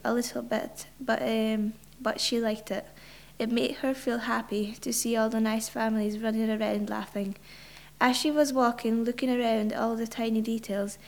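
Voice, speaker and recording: A woman's voice: on the high side, gravelly, a little mellow. A woman reading a short story aloud, hesitant, with ums and repeated words. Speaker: story reader.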